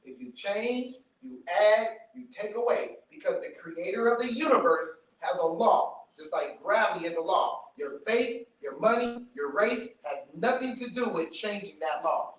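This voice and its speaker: Man lecturer, high-pitched, punchy and repetitive, live room sound with heavy echo. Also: lively intonation, normal speed, hardly any pauses. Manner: emphatic, repeats points, checks in with the crowd. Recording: very echoey room, mic from far off.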